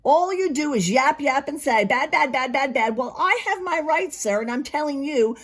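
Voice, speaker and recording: A woman voicing a stubborn, greedy male factory owner who yells back defiantly in a storybook read-aloud. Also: high voice, lively intonation, moderate pace, pitched above the performer's own voice. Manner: defiant, shouting.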